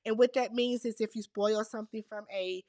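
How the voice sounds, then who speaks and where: A high-pitched woman recaps a reality show in a sassy, animated voice and leans on emphatic repetition. Her voice sounds dry and close, with no room echo. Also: a little fast. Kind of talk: casual recap commentary.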